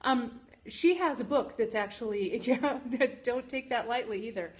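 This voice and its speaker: A woman's voice: on the high side, unhurried. A woman hosting a casual phone livestream from her jewelry studio, chatting with viewers with frequent "um"s. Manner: chatty, with frequent "um"s, reads and answers viewer chat. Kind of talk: casual live-stream chat.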